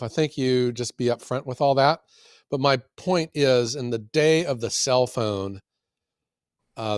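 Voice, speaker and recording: A man co-hosting a casual podcast, telling stories in a folksy, animated way. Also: mid-range voice, no room sound, clean studio sound. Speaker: podcast co-host and firewood seller.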